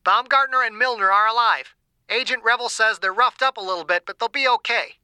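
A man voicing a male radio operator heard through a tinny earpiece, brisk and clipped. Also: extremely high pitch, bright, forceful tone, clean tone, no room sound, voice pushed up, exaggerated voice.

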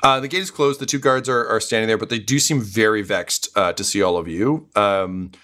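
A man's voice: on the low side, steady tone, a little fast, pushed and bright. A man running a tabletop game as game master, hesitant and full of ums.

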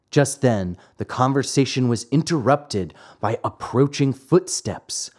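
A man reading a classic fairy tale aloud as host, measured and expressive. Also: mid-range voice. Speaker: host and reader. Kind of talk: storybook narration.

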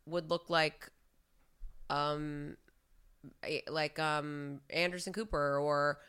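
A woman's voice: sits low, steady tone, slow pace, fairly bright tone, smooth. A woman co-hosting a podcast, chiming in wryly and agreeing during a casual political chat. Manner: wry, agreeable, chimes in. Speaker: podcast co-host.

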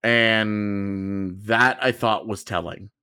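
A man's voice: lowish voice, extremely slow, smooth, no echo. Podcast host man, casual chatty talk, restarts sentences, dry close sound. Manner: rambling, self-correcting, animated.

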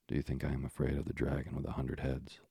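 A man voicing Hercules, a bold young hero on a quest, with steady, quietly spoken retorts. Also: a bass voice, quick pace, creaky, breathy edge, dry recording, clean studio sound, full character voice. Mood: defiant.

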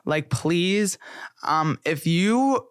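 A man's voice: high voice, expressive, extremely slow, clean tone, no echo, clean studio sound. A young man hosting a podcast, chatting candidly and casually, with lots of "like" fillers. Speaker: podcast host. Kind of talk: casual chat.

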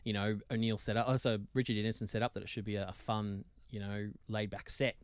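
Fast-talking, wry man. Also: lowish voice, little pitch movement, clear, resonant tone, dry recording. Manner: quick, wry banter. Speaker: podcast co-host. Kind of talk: casual chat.

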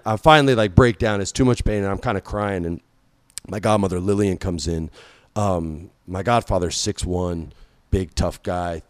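A man telling a long story in casual talk, animated and swearing freely, jumping loud and high whenever he quotes someone. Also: no room sound. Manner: animated, swings loud and high when quoting people. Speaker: podcast guest.

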